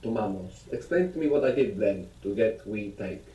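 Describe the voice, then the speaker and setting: Patient male language teacher, mellow voice. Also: on the low side, animated, moderate pace, roomy sound, a little hiss or hum, rough recording. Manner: patient, prompting with questions. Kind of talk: guiding a language lesson.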